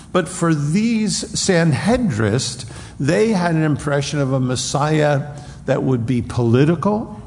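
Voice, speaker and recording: A man preaching a sermon in an earnest way, sometimes acting out loud taunts from a crowd. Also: fairly high pitch. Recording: reverberant hall with faint ambience.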